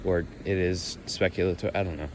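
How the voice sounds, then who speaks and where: A young man musing and thinking out loud as he walks outdoors through leaves. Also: low-pitched, fairly even intonation, moderate pace, slight background noise. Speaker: vlogger. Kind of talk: rambling walk-and-talk monologue.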